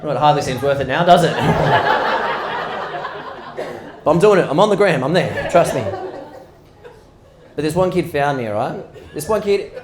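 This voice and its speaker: Stand-up comic in echoey venue. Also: male voice, a little high, a little slow, long pauses. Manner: animated storytelling, acting out exchanges. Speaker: stand-up comedian. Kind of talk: stand-up comedy set. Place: live comedy venue with audience. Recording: echoey room with audience noise.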